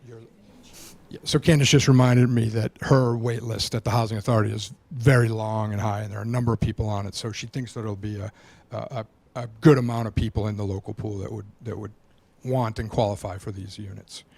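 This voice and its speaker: A man's voice: fairly low pitch, steady tone, brisk, creaky, a little mellow, dry recording. A man presenting to a town board as a housing developer, hesitant and full of restarts. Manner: hesitant, many restarts, explanatory. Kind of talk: public meeting presentation.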